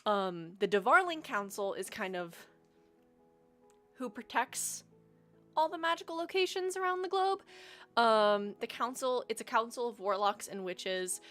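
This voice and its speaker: A woman's voice: fairly high pitch, very animated, measured pace, fairly bright tone. Young woman streamer, casual rambling chat, faint music underneath. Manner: chatty, rambling, frequent ums. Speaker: livestream host.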